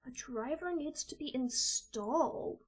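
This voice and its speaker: A young woman streams live, venting her frustration aloud with plenty of swearing. Her voice sits high, and she draws her words out slowly. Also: expressive. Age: young adult. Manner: exasperated, swearing, ranting to herself. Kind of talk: casual live-stream chat.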